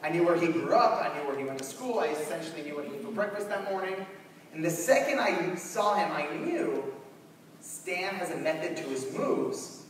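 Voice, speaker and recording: High-voiced young man telling stories in an echoey hall. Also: moderate pace, distant mic, slight background noise. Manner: animated, acting out scenes. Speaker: keynote speaker. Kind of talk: storytelling keynote. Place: large conference hall.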